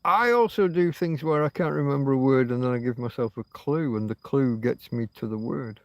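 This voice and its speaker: A man's voice: mid-range voice, fairly quick, no echo. Middle-aged guy rambling to his stream outside at night, dry close sound, swears a lot. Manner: musing, sweary, self-talking. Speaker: livestream host. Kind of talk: rambling late-night livestream chat. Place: outdoors at night near a road.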